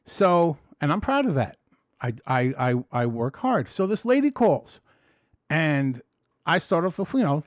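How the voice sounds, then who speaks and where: A man vlogs candidly about his own life, telling his story with feeling and rambling through lots of restarts and swearing. He swings from excited storytelling to low, quiet reflection. His gravelly voice moves at a normal speed, recorded dry with studio quality.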